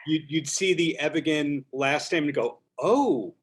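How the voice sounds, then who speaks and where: A man's voice: fairly high pitch, steady tone, moderate pace, fairly bright tone. A man hosting a casual interview over a video call, asking jokey, chatty questions. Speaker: podcast host.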